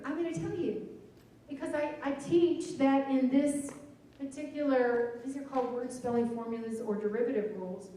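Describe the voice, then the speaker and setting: A woman's voice: a little high, warm tone, slight background noise. A woman giving a chatty, demonstrative teacher-training talk. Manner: chatty, self-deprecating, demonstrative. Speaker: literacy trainer. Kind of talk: teacher workshop presentation. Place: meeting room. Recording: echoey room, voice from far off.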